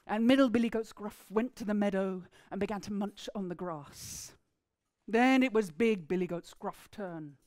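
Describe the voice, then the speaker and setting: Unhurried English woman storyteller. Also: medium pitch, no echo, studio quality. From England. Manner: expressive, unhurried telling. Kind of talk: oral storytelling to a live audience.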